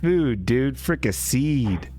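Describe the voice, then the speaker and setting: A man co-hosting a comedy podcast, ranting profanely and spinning absurd deadpan stories. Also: mid-range voice, takes it slowly. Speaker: podcast co-host.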